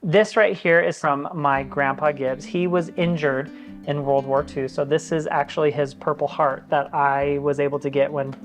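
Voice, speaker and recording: A man's voice: on the high side, steady tone, moderate pace, soft background music. Chatty man giving a casual tour. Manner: chatty and earnest, warm storytelling with fillers. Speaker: vlogger giving an office tour. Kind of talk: casual tour chat to camera.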